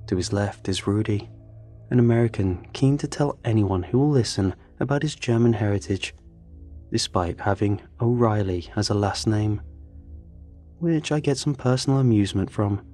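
A man narrating a first-person story in a steady, scripted reading. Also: lowish voice, moderate pace, soft background music.

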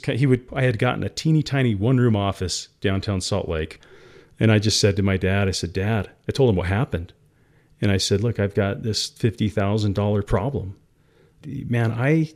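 A man, a company founder, candidly telling his story as a guest in an interview, earnest and emotional. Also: mid-range voice.

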